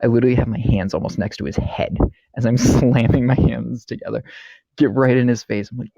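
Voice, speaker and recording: A man's voice: medium pitch, steady tone, fairly quick, gravelly, dark tone, no echo. A man telling a blunt, profane story in casual chat and laughing easily. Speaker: podcast co-host. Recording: dull lo-fi dry mic.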